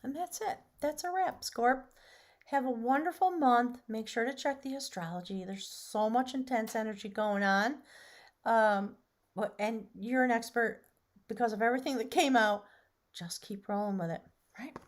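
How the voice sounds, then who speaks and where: A woman doing a casual tarot and rune reading, chatty, sometimes dropping to a soft whisper. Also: a little high, moderate pace. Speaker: tarot reader.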